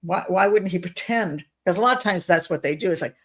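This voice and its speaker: A woman's voice: lowish voice, a little fast. A woman giving commentary as a criminal profiler, sarcastic and incredulous as she talks.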